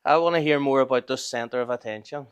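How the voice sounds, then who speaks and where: A man's voice: medium pitch, fast, smooth, lo-fi sound. A man hosting a podcast, laughing often and prompting with short questions. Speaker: podcast host. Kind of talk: casual interview chat.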